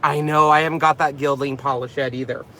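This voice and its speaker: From inside his car in the garage, a man running a crafting channel chats casually and wanders off on tangents, laughing often and poking fun at himself. His voice is a little high and sharp, brisk and fairly even in intonation.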